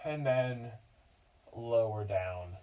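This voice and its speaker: A man's voice: medium pitch, extremely slow, recorded from a distance, phone-quality sound, a little hiss or hum. A man teaching a yoga class for children, giving cues in an encouraging, playful way and chatting to his dog between poses. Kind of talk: guiding a kids yoga class.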